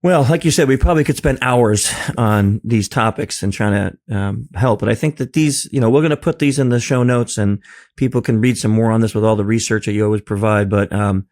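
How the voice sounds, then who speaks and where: A man hosting a podcast, chatting in a jokey, animated way and laughing often. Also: fairly low pitch, brisk. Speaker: podcast host. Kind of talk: conversational podcast discussion.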